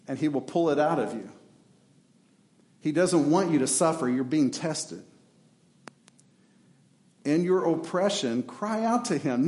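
A man with a somewhat high voice delivers a fervent sermon in a church. The room is echoey, with the sound bouncing off the walls. He moves between urgent appeals and quiet, lowered passages. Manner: impassioned preaching, acts out prayers and God's replies. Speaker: pastor.

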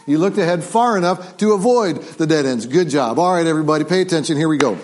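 A pastor in a church sanctuary leads a family Sunday service, coaching children and parents through call-and-response. His voice sits fairly high for a man, and his delivery is lively and interactive. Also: fast. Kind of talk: family sermon.

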